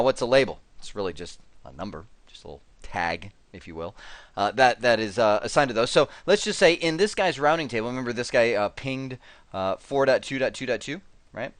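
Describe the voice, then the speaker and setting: A man teaching networking at a whiteboard, animated and chatty, acting out devices in quoted voices as he explains. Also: medium pitch, no echo. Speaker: networking instructor. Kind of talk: whiteboard technical lecture.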